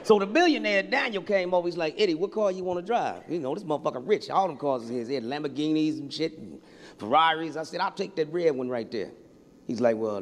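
A man performing stand-up comedy, telling a profane story and acting out the people in it. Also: a little high. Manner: profane, animated, acts out characters. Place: theater stage before a laughing audience. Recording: live hall with long reverb, faint noise.

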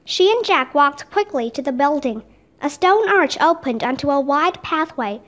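A woman narrating a children's audiobook in a steady, clear way. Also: sits high, normal speed. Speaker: reader.

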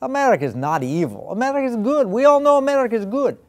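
A man's voice: very high-pitched, big pitch swings, fast, a little mellow, voice pushed up, full character voice. A man voicing a stern former Soviet intelligence officer with a put-on Russian accent, speaking emphatically. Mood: emphatic. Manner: emphatic, declaring.

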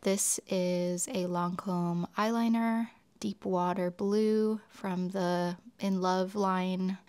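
A woman's voice: medium pitch, darkish tone. A young woman beauty vlogger in casual chat to camera, chatty and exclaiming as she talks through each item.

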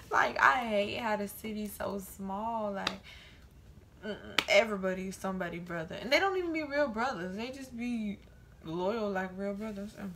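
A young woman vlogging casually to her camera, telling animated stories and acting out the voices of the people in them. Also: medium pitch, brisk, gravelly. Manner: animated storytelling, quoting voices.

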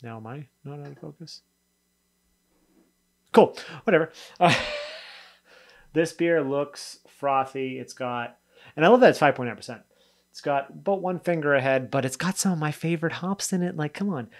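A man's voice: a little high, moderate pace, pauses often. Chatty, rambling man reviewing beer. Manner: rambling and chatty, often trailing off and correcting himself; loose, spontaneous tasting commentary. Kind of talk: casual beer review vlog.

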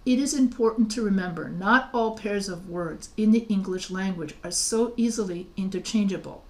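A woman's voice: mid-range voice, normal speed, darkish tone. A woman teaching writing, explaining spelling rules patiently, often restarting and spelling words out letter by letter. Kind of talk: recorded lecture over slides.

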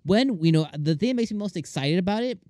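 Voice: medium pitch, animated, warm tone, no room sound. Enthusiastic rambling anime reviewer, dry sound. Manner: enthusiastic, rambling, with many restarts and fillers; acts out characters' lines in quick voices. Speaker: anime reviewer, channel host. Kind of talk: casual anime episode review.

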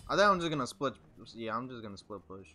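A young man commentating his own video game match live, excitable and laughing, swearing and trash-talking as he plays. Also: mid-range voice, fast talker. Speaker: gaming streamer.

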